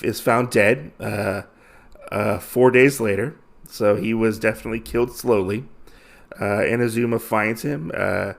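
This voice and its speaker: A man's voice: lowish voice, gravelly, a bit bright. A man hosting a podcast, casually retelling a comic story with loose, enthusiastic phrasing and many fillers. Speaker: podcast host. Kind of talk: casual comic book recap.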